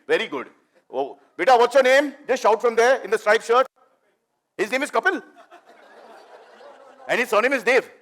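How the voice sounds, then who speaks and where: A middle-aged man with an Indian English accent, doing animated stand-up storytelling and teasing the audience. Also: high-pitched. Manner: animated, chatty, teases the audience. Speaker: stand-up comedian.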